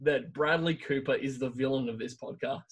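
Man doing a deadpan menacing killer. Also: medium pitch, moderate pace, breathy edge, pitched below the performer's own voice, natural voice. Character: menacing man posing as a notorious cult leader. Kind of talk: improvised comedy sketch.

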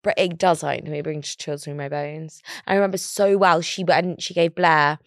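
A woman's voice: sits low, steady tone, brisk, no room sound, studio quality. A young woman co-hosting a podcast, chatting and gushing about films. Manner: gushing, chatty, quotes films in silly voices. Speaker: podcast co-host. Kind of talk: casual chat.

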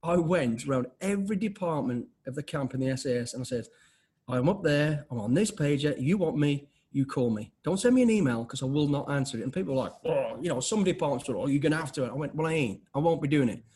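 A man in his fifties, an interview guest telling blunt, animated stories full of restarts and acted-out dialogue. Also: fairly high pitch, quick pace, breathy edge. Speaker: interview guest, former special forces soldier. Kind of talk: casual conversational storytelling.

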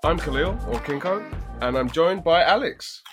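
A man's voice: a little high, expressive, normal speed, over music. A man co-hosting a podcast, joking around and explaining things at length in casual chat. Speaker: podcast co-host.

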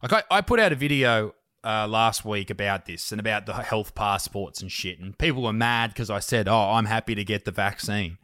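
A man's voice: on the low side, lively intonation, moderate pace, few pauses, pushed and bright, no room sound, clean studio sound. An Australian man talking casually on a remote call, telling stories animatedly and swearing freely. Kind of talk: casual chat.

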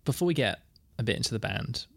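A man's voice: mid-range voice, lively intonation, fast talker, gravelly, breathy edge, no room sound. A man co-hosting a casual music podcast, reading out definitions and quotes and laughing easily. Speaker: podcast co-host.

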